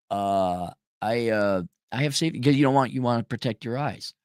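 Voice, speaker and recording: A man's voice: mid-range voice, brisk, few pauses, darkish tone, clear, resonant tone, dry recording, studio quality. A man hosting a show, giving blunt, sarcastic and profane commentary in a casual way while reading viewer donations.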